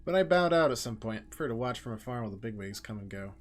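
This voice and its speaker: A man's voice: medium pitch, expressive, fast, slight background noise, natural voice. A man reading out the lines of a weary, detached male pawnshop keeper in a video game, dry and wry.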